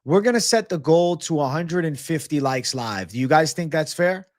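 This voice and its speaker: A man's voice: a little high, lively intonation, moderate pace, dry recording, studio quality. A man hosting a live sports betting show, chatting casually and swearing freely while he talks straight to his live chat. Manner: laid-back, slangy, swears freely.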